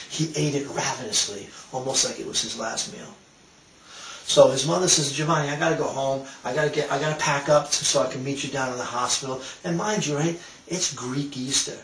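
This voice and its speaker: A man retelling a personal story in a halting, emotional way, with frequent restarts. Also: a little high, fairly bright tone. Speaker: speaker telling a personal story. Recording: roomy sound from a distant mic.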